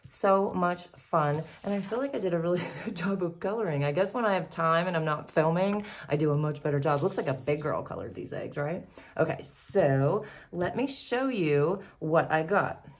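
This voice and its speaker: With a lowish voice, lively intonation and normal speed, she hosts a savings challenge video, chatting casually to viewers as she does crafts. Her tone is upbeat, with frequent laughter and a touch of breathlessness.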